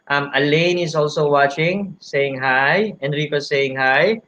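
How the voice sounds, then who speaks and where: A man hosts a casual live stream over a video call, his voice bright and a little tense. He talks haltingly with many fillers, switching between English and Tagalog as he goes. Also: on the high side, muffled recording. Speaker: host.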